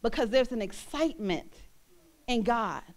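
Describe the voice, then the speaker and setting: A young woman minister preaches in a church with bright, high pitch and lively energy. She laughs often and slips into bits of song as she goes. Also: normal speed. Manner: animated, laughing, breaks into singing. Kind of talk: sermon.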